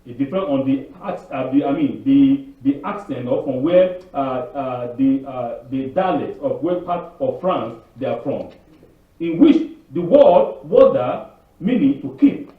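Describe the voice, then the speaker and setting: A man giving an informal, rambling sermon, asking rhetorical questions and answering them himself, and acting out other people's voices with big jumps in pitch. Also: lively intonation, a little slow. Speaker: spiritual leader giving a weekly Torah talk. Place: Canada. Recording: distant, echoey, phone-like room recording.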